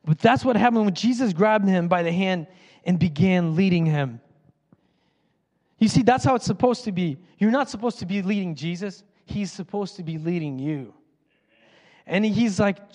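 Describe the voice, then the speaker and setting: A man preaching a sermon as a pastor, animated and acting out voices from the story. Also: high-pitched, unhurried, lo-fi sound. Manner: animated, acts out quoted voices. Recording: long hall reverb.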